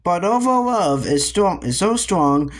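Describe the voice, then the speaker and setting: A man's voice: sits high, lively intonation, unhurried. A man voicing a haughty wailing vampire girl. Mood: dramatic. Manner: wailing, lofty.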